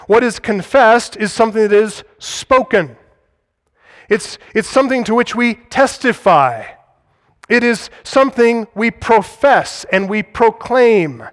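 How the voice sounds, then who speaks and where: A man's voice: high-pitched, in a large hall. A man preaching an expository sermon as pastor, with an earnest, emphatic cadence.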